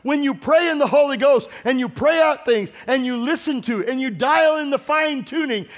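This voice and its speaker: A man's high, bright voice fills a large church sanctuary with long reverb as he gives a sermon at normal speed. Speaking as the pastor, he exhorts the congregation, calls for their replies, and alternates between scripture and his own stories.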